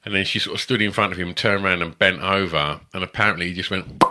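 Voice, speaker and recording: A man in his fifties, co-hosting a comedy podcast with bawdy quips and loud laughs. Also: low voice, fairly even intonation, quick pace. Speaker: podcast co-host. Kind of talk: casual chat.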